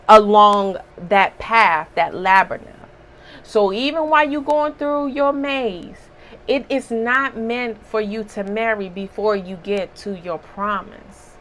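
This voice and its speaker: A slightly hoarse woman giving a casual spiritual reading, emphatic and preachy, with rhetorical asides. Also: medium pitch, fairly bright tone, slight background noise, low-quality recording. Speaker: spiritual reader.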